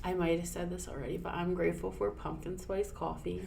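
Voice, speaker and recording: A woman's voice: lowish voice, little pitch movement, fairly quick, creaky, darkish tone, a little hiss or hum. A woman co-hosting a podcast in casual chat, emotional and supportive. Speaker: podcast co-host.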